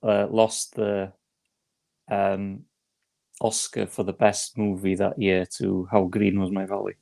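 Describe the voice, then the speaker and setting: A man's voice: low-pitched, completely flat delivery, takes it slowly, vocal fry, dark tone. A man in a casual chat who repeats himself and says yeah a lot.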